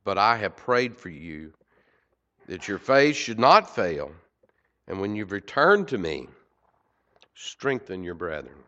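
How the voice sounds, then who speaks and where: A man preaching a sermon, swinging from loud emphasis to quiet asides. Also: lowish voice, very animated, slow, long pauses. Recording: dull lo-fi recording.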